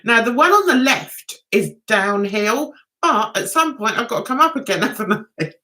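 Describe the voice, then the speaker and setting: A woman's voice: a little high, animated, moderate pace, sharp tone. An older woman, hosting a casual livestream chat and rambling with giggles. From England. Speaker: livestream host.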